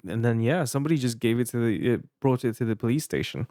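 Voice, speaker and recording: A man's voice: medium pitch, animated, dark tone, dry recording, studio quality. A young man co-hosting a casual podcast chat, telling a story with many restarts. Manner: halting, restarts often. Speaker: podcast co-host.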